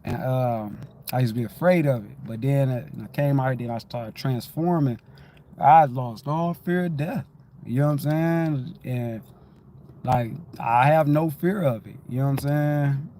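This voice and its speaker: A man's voice: medium pitch, normal speed, mellow, slight background noise. Rambling laid-back man. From Detroit, USA. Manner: rambling, keeps repeating "you know what I'm saying"; laid-back, loose and conversational. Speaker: livestream host. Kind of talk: casual spiritual livestream monologue.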